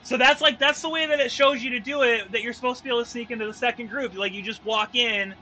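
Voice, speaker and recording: A man's voice: very high-pitched, fairly even intonation, quick pace, bright, forceful tone, a little hiss or hum. A man streaming a game live, frustrated and swearing as he rants about the gameplay.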